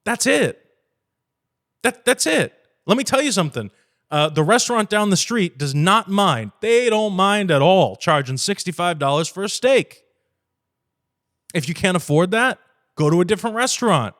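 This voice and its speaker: Blunt, animated man hosting a podcast. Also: high voice, normal speed. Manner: blunt, profane and animated, acting out client dialogue. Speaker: podcast host. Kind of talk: casual podcast talk.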